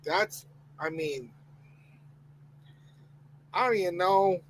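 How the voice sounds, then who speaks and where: A man's voice: high voice, slow, slight background noise, poor audio. A man hosting a live sports podcast, ranting heatedly and reading chat comments aloud. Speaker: podcast host.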